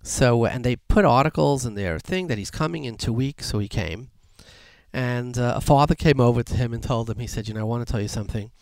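A rabbi delivering a sermon in an animated storytelling way, changing his voice as he acts out the people in his anecdotes. His voice sits in a middle range for a man. The recording is dry and close. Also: medium pitch, normal speed, creaky, no echo. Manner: animated storyteller, lively voice shifts.

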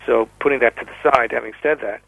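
A man, a rabbi and guest expert, answering over a phone line with many halting restarts and repeated words. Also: medium pitch, fairly even intonation, creaky, husky, no room sound. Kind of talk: discussing questions over the phone.

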